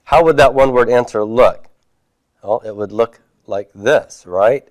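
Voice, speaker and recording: A man teaches a Hebrew class, going over homework and patiently posing questions to students before answering them himself. His voice is medium-pitched and measured, with no echo.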